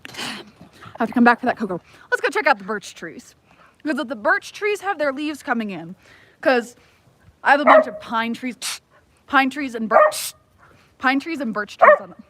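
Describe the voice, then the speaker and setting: A woman from Ohio chats her way around her homestead on a livestream. Her voice sits a touch high, and she rambles and gets distracted easily. She breaks off now and then to talk to her dogs. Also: very animated, moderate pace, pauses often, noisy background. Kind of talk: casual livestream chat. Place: outdoors on a homestead.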